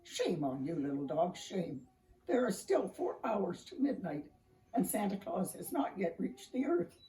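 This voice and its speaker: Old lady doing a grumpy pine tree, low scolding voice, dark and far off. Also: very animated, a little slow, a little hiss or hum. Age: older. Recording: echoey room heard from far off.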